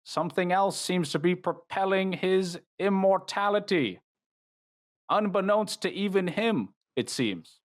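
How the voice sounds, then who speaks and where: A man voicing a scheming, aloof old male elf wizard with a grand, drawn-out theatrical delivery. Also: sits high, pitched above the performer's own voice. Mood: explaining. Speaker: game master voicing a wizard.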